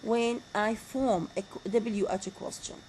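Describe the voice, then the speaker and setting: A woman giving a grammar lecture, slowly repeating example sentences. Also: mid-range voice, fairly even intonation, darkish tone, a little hiss or hum, rough recording. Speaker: university lecturer.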